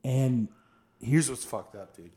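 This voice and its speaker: A man's voice: mid-range voice, takes it slowly. A man co-hosting a casual podcast, retelling history with acted-out quotes and plenty of swearing. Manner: animated storyteller, acts out what people said, swears a lot. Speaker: podcast co-host. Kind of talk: casual storytelling chat.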